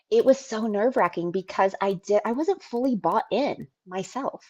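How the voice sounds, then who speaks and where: A woman's voice: mid-range voice, expressive, unhurried, darkish tone. A woman hosting her own podcast, talking candidly and casually about running a business, swearing and laughing now and then. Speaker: podcast host, business owner. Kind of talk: casual solo podcast talk.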